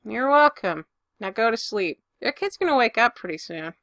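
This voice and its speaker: A woman voicing a calm young man who reassures his friend in a steady, blunt, teasing way. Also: a little high, normal speed, dry recording, studio quality. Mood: reassuring.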